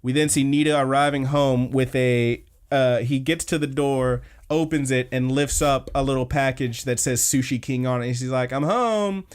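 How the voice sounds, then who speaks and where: A man of middle pitch talking loosely on a podcast, recapping scenes in a relaxed, rambling way. He swears freely and drops into brief quoted lines as he tells the story. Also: moderate pace, few pauses, smooth. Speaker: podcast co-host. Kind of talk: casual anime recap chat.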